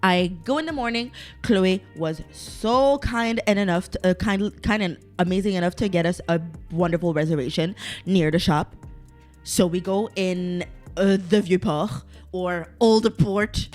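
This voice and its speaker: A woman's voice: on the low side, a little slow, darkish tone, soft background music. A young adult woman hosting her own podcast, ranting casually with lots of swearing and side tangents. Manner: swears a lot, ranty and digressive; exasperated, exaggerated complaining. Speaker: podcast host. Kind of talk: casual solo podcast rant.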